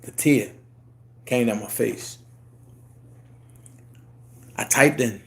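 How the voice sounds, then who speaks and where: A man, telling a personal story in a casual monologue and jumping into high voices to quote people. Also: drawn-out words, creaky, a bit bright. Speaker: YouTube commentator.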